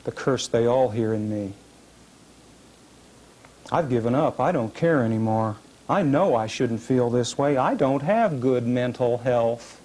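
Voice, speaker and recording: A man reading his own first-person fiction aloud at a literary reading, measured and dramatic, with heavy pauses. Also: mid-range voice, darkish tone. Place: reading series event.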